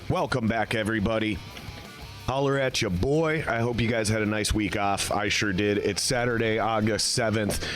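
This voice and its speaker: A man's voice: lowish voice, normal speed, a bit bright, faint music behind. A man hosting a podcast, joking and swearing as he reads an ad. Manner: crude, profane and joking. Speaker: podcast host. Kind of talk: casual podcast intro and read ad.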